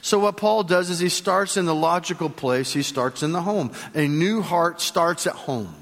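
A man's voice: fairly high pitch, expressive, normal speed, fairly bright tone, long reverb tail. A male pastor giving a sermon in a conversational, joking way, speaking directly to the congregation.

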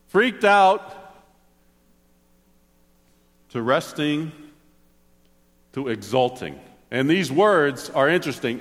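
A man preaching a sermon as pastor, animated, swinging between excited exclamations and soft low asides. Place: church sanctuary. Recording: long hall reverb.

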